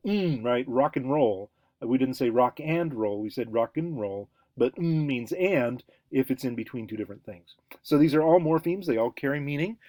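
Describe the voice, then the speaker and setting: A man giving a recorded lecture, halting often with fillers and restarts and sounding out examples aloud. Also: medium pitch, darkish tone, no room sound, clean studio sound.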